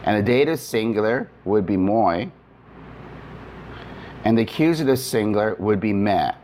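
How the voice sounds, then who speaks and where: A man's voice: on the low side, expressive, normal speed, darkish tone, slight background noise. A man teaching Greek grammar in a recorded lecture, explaining step by step with frequent fillers and restarts.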